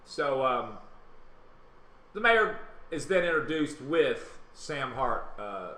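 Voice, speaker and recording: A man with a Southern US accent hosting a live web talk show, telling a story in a casual, animated way and acting out other people's lines. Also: medium pitch, slow pace. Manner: animated, acts out quotes in other voices. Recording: roomy webcam stream with faint hiss.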